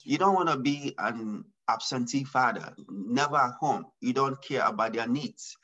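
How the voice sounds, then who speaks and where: Pastor guy on an interview, mid-pitched voice, slow and deliberate, leans hard on key words. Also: lively intonation, pushed and bright, muffled recording. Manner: deliberate, emphatic, stresses key words and lists points. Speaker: pastor and business executive, interview guest. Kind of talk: measured interview answers.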